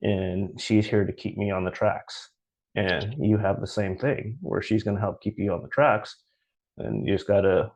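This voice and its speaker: A man co-hosting a casual podcast, giving earnest advice and backing his partner with short affirmations. His voice sits fairly low, and the recording is a little dull. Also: moderate pace, a little mellow. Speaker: podcast co-host. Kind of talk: casual chat.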